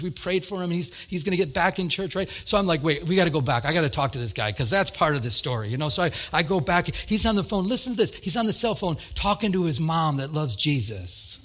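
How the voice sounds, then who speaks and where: A man preaching a sermon, telling a personal story with lively retold dialogue and growing excitement. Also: high-pitched. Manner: animated, retells dialogue with rising excitement. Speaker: pastor.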